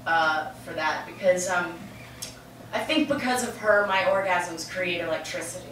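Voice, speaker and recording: An open-mic storyteller, a young woman, recounts something personal with blunt, profane candor, wandering through the tale and dropping "like" constantly. She speaks a little slowly in a fairly low yet bright voice, captured from a distance in a spacious, echoing venue full of listeners, with a bit of hiss or hum.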